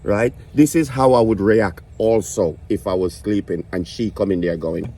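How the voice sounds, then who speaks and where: A man's voice: lowish voice, normal speed, dark tone. A man telling a stand-up story about his grandma, swearing and ranting in exasperation. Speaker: comedian.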